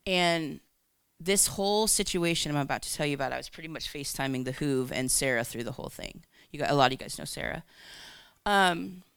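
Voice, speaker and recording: Woman, candid faith testimony, gravelly edge, crisp dry close sound. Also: sits low, no room sound. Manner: candid, animated storytelling with acted-out dialogue. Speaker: Christian speaker. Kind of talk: personal testimony talk.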